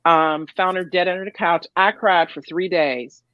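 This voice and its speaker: Lively middle-aged woman storyteller. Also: normal speed, no echo, lo-fi sound. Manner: animated, acts out quotes with big pitch jumps. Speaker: interview guest. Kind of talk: casual storytelling.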